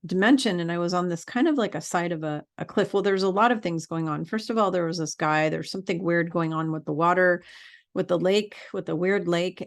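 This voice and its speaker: A woman spiritual teacher in a casual vlog monologue, earnest and rambling with many fillers. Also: fairly low pitch.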